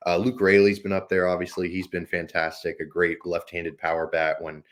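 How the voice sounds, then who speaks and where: A man hosting a casual sports podcast, easygoing and quick to laugh, with lots of ums. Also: deep voice, monotone. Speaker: podcast host.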